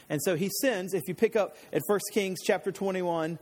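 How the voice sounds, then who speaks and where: A man's voice: high voice, normal speed, a little mellow. A man preaching a casual Bible-teaching sermon, retelling scripture stories in everyday slang like a chatty storyteller. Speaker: pastor.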